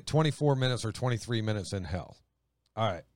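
A man's voice: fairly low pitch, expressive, brisk, a little mellow, no echo, clean studio sound. A man hosting a podcast, talking in a plain-spoken, opinionated, conversational way. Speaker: podcast host. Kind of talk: casual podcast chat.

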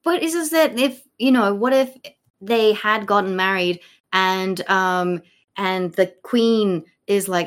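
A woman's voice: medium pitch, takes it slowly. A woman co-hosting a podcast, rambling casually about a play with lots of fillers and jokey character voices. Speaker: podcast co-host. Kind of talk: casual literary discussion.

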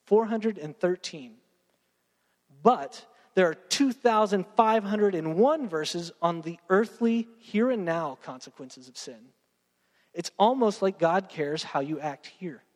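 A man's voice: sits high, animated, slow pace, long reverb tail. A young man, preaching a sermon in a casual, joking way and talking straight to his congregation. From Texas. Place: church sanctuary.

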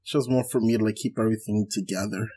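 A man's voice: on the low side, fairly even intonation, fast, mellow, breathy edge. Man player, casual and rambling. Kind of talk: casual chat at a game table.

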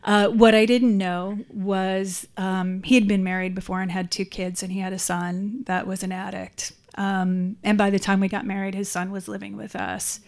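A woman's voice: mid-range voice, little pitch movement, moderate pace, hardly any pauses, darkish tone. A middle-aged woman giving a candid, reflective personal share at a support group meeting, with frequent ums. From San Francisco Bay Area. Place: meeting room.

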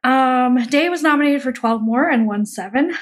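A woman's voice: sits high, normal speed, poor audio. Lady cohost on a movie podcast, lots of ums reading off nominees. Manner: reads award lists with many ums and uhs. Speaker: podcast co-host. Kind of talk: casual podcast chat.

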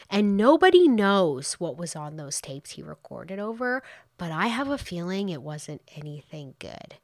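A woman casually retelling a true crime case, animated and exclaiming, briefly putting on voices for the people involved. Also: on the low side, measured pace, dry recording, clean studio sound.

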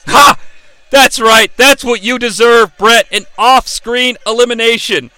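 A man hosting a live watch-along of a wrestling match, calling the action in an excitable, profane way. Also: very high voice, a little slow, clear, resonant tone, dry recording. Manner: excitable, profane, yelling play-by-play. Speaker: host.

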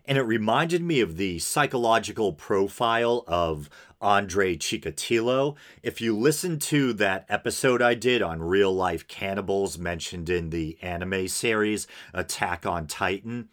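Low-voiced man with a lively, wandering delivery. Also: measured pace, few pauses. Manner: loose and conversational, with fillers and small laughs. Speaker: podcast host. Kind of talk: casual podcast review commentary.

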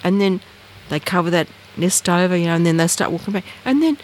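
An Australian woman from northern Australia recalls her youth in a loose, rambling way, full of fillers and restarts. She throws her pitch high when she acts out what others said, and a faint hiss sits under her voice. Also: fast talker. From Bathurst Island, northern Australia. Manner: animated, acts out quoted voices with big pitch jumps. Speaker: interviewee. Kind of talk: casual storytelling.

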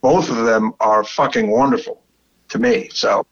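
Brooklyn guy, casual chat, excited and profane, dull lo-fi mic. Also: lowish voice, unhurried, creaky, breathy edge. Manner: enthusiastic, swears freely, rambling with restarts.

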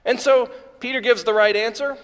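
Very high-voiced excitable preacher man. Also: normal speed, clean tone. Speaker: pastor. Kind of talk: live sermon. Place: church sanctuary before a congregation. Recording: long reverb of a large hall.

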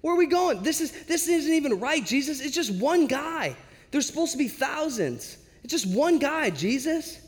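A preacher voicing frantic young male disciples, whiny and yelling in exasperation. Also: very high voice, very animated, moderate pace, in a large hall, pitched above the performer's own voice, heavily acted. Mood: exasperated.

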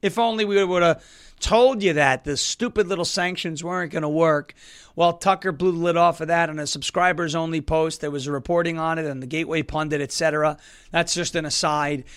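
A man's voice: fairly high pitch, fairly even intonation, fairly quick, fairly bright tone, clear, resonant tone. A male host of a political commentary show, talking in a sarcastic, joking way.

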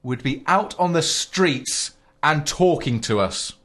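A man's voice: fairly high pitch, animated, slow pace, a loud crowd. A man co-hosting a comic podcast, playful and mock-grandiose, muttering asides. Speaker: podcast co-host. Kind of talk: comic banter.

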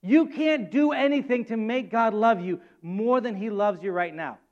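A man with a high, bright-sitting voice preaches a sermon. He is animated and acts out the voices he quotes with rising emphasis. The audio is dull and lo-fi. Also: moderate pace. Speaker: pastor.

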